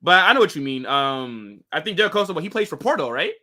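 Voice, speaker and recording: He's a young football channel host from the United States, talking fast in a fairly high, sing-song voice with a sharp edge. On his casual live stream he reads comments from viewers and responds in slangy speech full of "bro" and "like."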